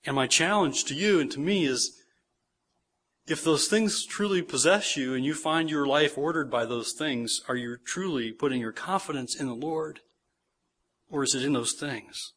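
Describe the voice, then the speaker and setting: A man's voice: fairly high pitch, moderate pace, fairly bright tone, breathy edge. A man in his forties preaching a sermon, earnest, repeating phrases for emphasis and checking in with listeners. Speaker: pastor.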